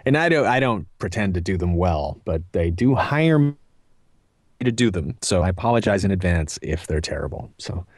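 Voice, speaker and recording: A rather low-pitched man in his thirties talks casually as an interview guest, wandering through his answers with fillers, restarts and self-deprecating asides. The sound is dry and close, with no room around it. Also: sing-song, moderate pace, dry recording. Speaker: voice actor guest.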